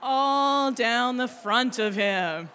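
A woman's voice: fairly high pitch, lively intonation, extremely slow, sharp tone, a little hiss or hum. A woman telling a comic story on stage, chatty and self-deprecating, with lots of fillers. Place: stage in a hall. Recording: reverberant hall.

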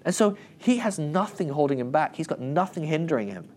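A Christian teacher gives a casual, humorous Bible lesson in a fairly high voice, a little fast, with a slight hiss or hum. Jokey and animated, he acts out quoted lines in raised voices.

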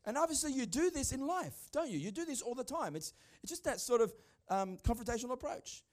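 A man's voice: extremely high pitch, animated, quick pace. A middle-aged man, preaching a sermon in an emphatic, conversational way. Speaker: pastor.

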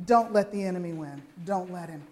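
An older woman preaching a sermon in a conversational, lively way, often checking in with her listeners with quick asides. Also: lowish voice, background noise.

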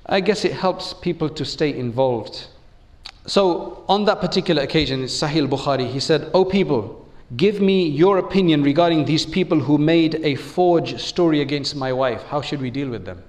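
A man's voice: a little high, moderate pace. A man giving an Islamic talk in a conversational way, asking listeners questions and acting out quotes. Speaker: preacher.

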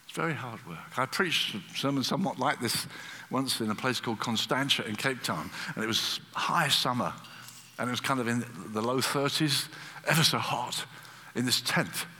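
A man preaching a sermon, a lively storyteller who acts out the voices he quotes. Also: medium pitch, normal speed, big-room sound.

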